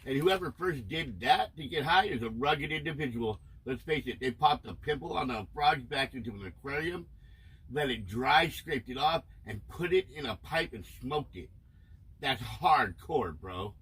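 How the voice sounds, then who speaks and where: A man's voice: medium pitch, expressive, moderate pace, fairly bright tone, slightly rough, distant mic, low-quality recording. A young man hosting a livestream from a camper van, rambling with crude jokes in casual chat. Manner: rambling, crude joking, baby-talks to his dog. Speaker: livestream host.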